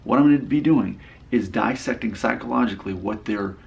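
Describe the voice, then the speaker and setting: A man's voice: mid-range voice, brisk, gravelly, muffled recording. A man in his late thirties talking casually to his viewers, reading out their comments and answering them with dry rebuttals. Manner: talkative, repeats and restarts phrases. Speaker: YouTube creator.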